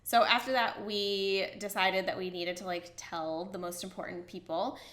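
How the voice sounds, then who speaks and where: A young woman vlogger telling a personal story in a gushing, excited way, full of "like" fillers. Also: medium pitch, normal speed, roomy sound. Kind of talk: casual storytelling to camera.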